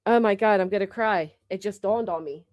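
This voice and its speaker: A woman's voice: mid-range voice, fairly quick, a little mellow, no room sound. Brash woman teasing her chat, dry sound. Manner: brash, chatty, swears freely, teasing viewers. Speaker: livestream host. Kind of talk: casual live-chat banter.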